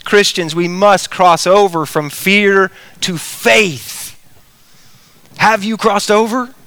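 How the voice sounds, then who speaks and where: Animated male preacher, dry close sound. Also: slow, no room sound. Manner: animated preaching, big swings in pitch and volume, addresses kids directly. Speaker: pastor. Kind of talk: sermon.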